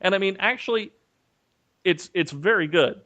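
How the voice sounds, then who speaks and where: Animated male podcast storyteller. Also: sits high, normal speed, muffled recording. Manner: animated storyteller, acts out quotes. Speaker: podcast co-host. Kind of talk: casual storytelling chat. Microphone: remote call mic.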